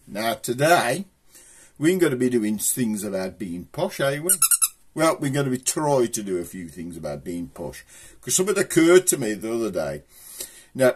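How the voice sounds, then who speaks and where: A man's voice: mid-range voice, a little mellow, breathy edge. A middle-aged man with a broad Black Country accent, hosting a rambling, chatty comic show. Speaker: host. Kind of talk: casual comic monologue to camera.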